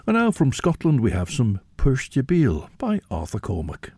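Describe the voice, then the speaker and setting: A man presenting on the radio and reading a story aloud in a measured, expressive way. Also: mid-range voice, gravelly, breathy edge, no echo. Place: radio studio.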